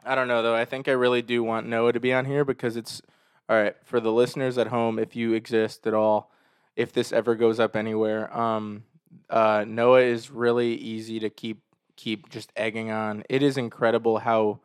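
A man's voice: medium pitch, level tone, moderate pace, smooth, no echo, studio quality. A young man co-hosting a casual podcast with friends, laughing and teasing as he talks. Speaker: podcast co-host. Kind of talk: casual chat among friends.

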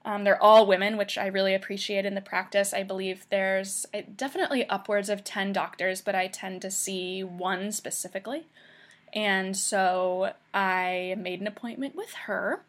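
A woman's voice: medium pitch, steady tone, moderate pace. A young woman hosting a podcast, telling a personal story in a casual, chatty way with frequent ums and restarts. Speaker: podcast host.

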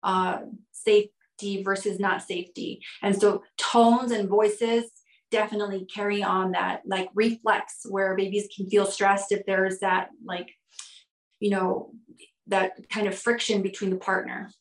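A woman's voice: mid-range voice, flat delivery, unhurried, roomy sound, low-quality recording. A woman guest on a podcast interview, explaining her points through strings of rhetorical questions. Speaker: guest expert.

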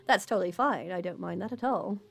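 A talkative woman fortune reader who sounds apologetic one moment and gently teasing the next, voiced by a woman running a tabletop game. She speaks at a middle pitch for a woman, with a friendly and casual lilt. Faint music plays behind her. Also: brisk, vocal fry.

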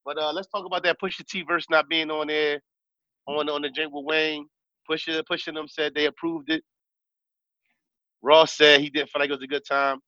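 Casting: brash male podcast co-host, bright lively tone, dry dull recording. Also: on the high side, normal speed, dry recording. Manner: animated, profane, switches to mimicking voices. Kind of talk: casual chat.

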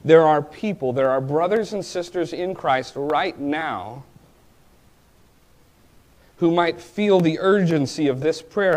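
A male preacher giving a sermon, rising to pleading cries and then dropping to quiet, reflective asides. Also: on the high side, takes it slowly, pauses often.

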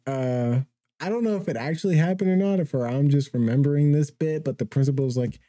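Dark-voiced young man telling a story. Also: a little high, fairly quick, no room sound. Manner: rambling, laughs through his own story. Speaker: podcast co-host. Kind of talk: casual storytelling.

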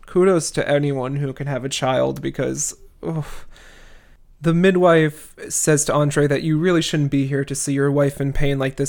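A man's voice: a little high, fairly even intonation, moderate pace. A man hosting a podcast, casually retelling a classic novel with wry, chatty asides. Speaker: podcast host. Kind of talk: casual book recap.

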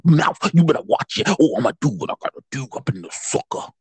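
A man's voice: mid-range voice, big pitch swings, fast talker, a little mellow, breathy edge, no room sound. A man putting on a swaggering tough-talking streetwise woman. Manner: swaggering, threatening.

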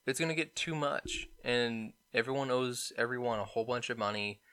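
Young man, podcast co-host, excitable ranting, bright tone. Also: mid-range voice, moderate pace, clean tone. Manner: ranting, excitable, mocking voices. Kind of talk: casual political banter.

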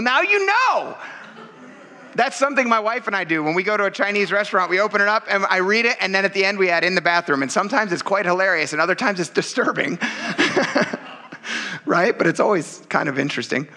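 A pastor preaching a sermon in a conversational, joking and emphatic way, often checking in with the congregation. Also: male voice, high voice, sharp tone.

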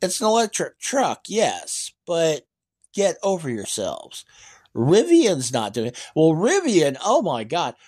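Husky, fairly high and slow, the voice belongs to a man who vlogs EV news. He rants about electric cars in a casual, opinionated ramble, stumbling over fillers and restarts between emphatic bursts.

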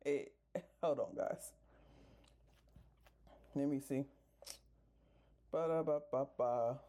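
A woman's voice: extremely low pitch, drawn-out words, warm tone. A woman podcast host telling a story in a casual rant, exasperated, swearing freely and talking straight to her listeners.

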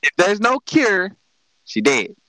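A man's voice: sits high, slow pace, no room sound, rough recording. A man co-hosting a casual podcast chat, telling jokey stories with lots of laughter. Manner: joking, animated storytelling. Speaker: podcast co-host.

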